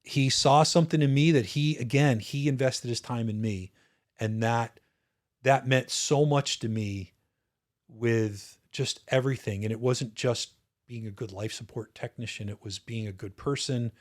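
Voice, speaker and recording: A man's voice: mid-range voice, measured pace. Earnest man in his fifties reminiscing. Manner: earnest, reflective, frequent restarts. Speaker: podcast guest, retired officer. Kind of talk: casual interview storytelling.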